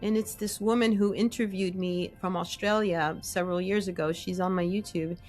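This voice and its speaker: A woman's voice: lowish voice, steady tone, normal speed, darkish tone, faint music behind. A woman guest in an interview, telling her story casually and acting out her own inner voice. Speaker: guest, essence maker.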